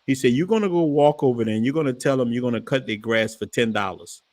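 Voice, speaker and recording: A man tells stories in a relaxed chat. His voice is clear and dry, with no room sound. He gets animated and jumps up in pitch when he quotes someone. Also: fast, no room sound. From New Orleans, Louisiana. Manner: animated storytelling, voice rising when quoting his father. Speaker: channel host. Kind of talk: casual storytelling chat.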